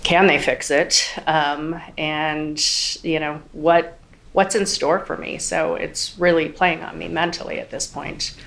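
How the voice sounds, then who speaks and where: A woman in her forties testifies from the witness stand in a courtroom. Her voice sits low with a gravelly fry, and she talks haltingly with many ums, close to tears. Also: level tone, a bit bright. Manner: hesitant, many ums, quotes others. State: near tears. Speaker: trial witness.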